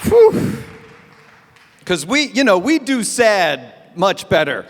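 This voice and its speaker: Man, stand-up comedian, animated, high voice, lively delivery, long hall reverb. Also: a little slow, some chatter behind, slight background noise. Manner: animated, chatty, self-mocking, acts out bits. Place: event hall with live audience.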